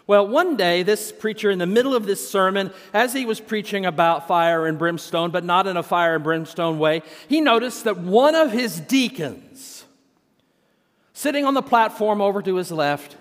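A male senior pastor preaching a sermon. He opens with a humorous story, told in a deliberate way. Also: high-pitched, lively intonation. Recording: long church hall reverb.

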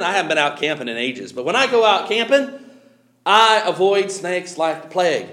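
A male preacher delivering a sermon with a high, lively voice that swoops up and down. He talks slowly, leaning on pauses and breaking into chuckles, and the sound rings in an echoey room. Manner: animated, with chuckles and drawn-out emphatic pauses.

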